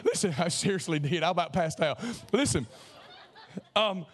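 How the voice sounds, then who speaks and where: A pastor preaching a sermon in an animated way, acting out comic scenes with shouts. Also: male voice, a little high, normal speed.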